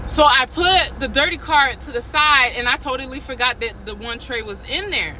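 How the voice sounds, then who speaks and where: A woman speaks into her phone camera from a car, retelling a clash at work. She is animated and heated, stumbles over her words, and keeps starting again. Her voice is high and crisp, with faint traffic behind it. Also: moderate pace, rough recording. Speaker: vlogger telling a work story. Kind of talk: casual storytime.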